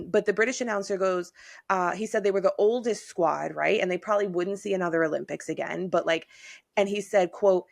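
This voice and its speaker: A woman's voice: mid-range voice, brisk, vocal fry, no room sound, clean studio sound. Chatty woman co-hosting a sports podcast. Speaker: podcast co-host. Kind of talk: casual sports chat.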